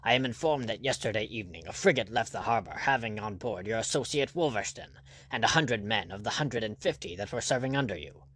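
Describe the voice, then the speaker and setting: A man's voice: on the low side, animated, fairly quick, fairly bright tone. A man voicing a scowling, ill-humored male planter who speaks in stiff, self-important tones. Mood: curt.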